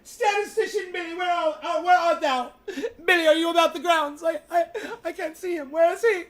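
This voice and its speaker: A man's voice: fairly even intonation, brisk. A man putting on a frantic, theatrical voice, crying out in mock panic for a missing helper. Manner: shrill, shouting, mock-archaic, laughing while panicking.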